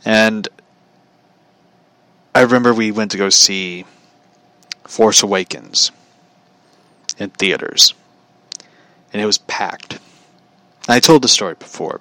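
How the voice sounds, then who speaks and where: A man's voice: on the low side, sharp tone, no echo. A man telling a story in a casual, opinionated rant, swearing freely and laughing at his own anecdote.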